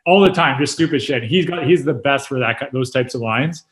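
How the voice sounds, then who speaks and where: A man's voice: mid-range voice, fairly quick, crowd noise. A man in his thirties, a hockey player as podcast guest, telling locker-room stories in a loose, laughing way, full of "like" and swearing. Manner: relaxed, laughing, swears casually, lots of "like". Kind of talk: casual storytelling chat.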